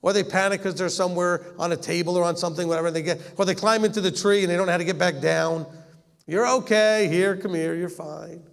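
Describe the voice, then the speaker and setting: A man's voice: high voice, fairly even intonation, very fast, hardly any pauses. A man teaching scripture in a conversational way, acting out the quoted lines and often laughing. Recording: long hall reverb.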